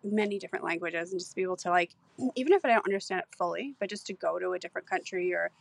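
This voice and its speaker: A woman co-hosting a casual podcast chat, giggly, excitable and self-mocking. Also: on the low side, very fast, gravelly, dry recording. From Canada. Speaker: podcast co-host.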